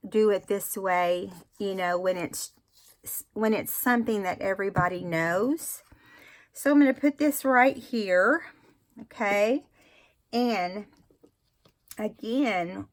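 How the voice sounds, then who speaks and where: Slow, chatty woman crafting on camera. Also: mid-range voice. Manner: chatty, self-correcting, talks to viewers while working. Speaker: craft video host. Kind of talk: casual crafting tutorial.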